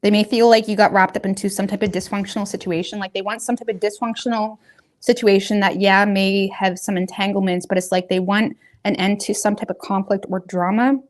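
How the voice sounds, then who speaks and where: A woman's voice: medium pitch, steady tone, a little fast. A woman giving a casual tarot reading, talking straight to her viewers in a loose, rambling, colloquial way. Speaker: tarot reader.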